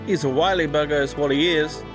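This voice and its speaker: A man playing a proud, folksy female pirate from a game, southern drawl, fairly high voice. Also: fairly even intonation, a little fast, music in the background, natural voice. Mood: gruff. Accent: put-on American Southern. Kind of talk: reading game dialogue aloud.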